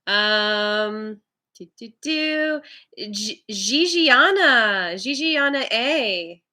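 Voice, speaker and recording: A woman's voice: a little high, expressive, very slow, bright, forceful tone. A woman hosting a live tarot reading stream, chatting casually with viewers, laughing often and sounding encouraging. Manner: stumbles over viewer names.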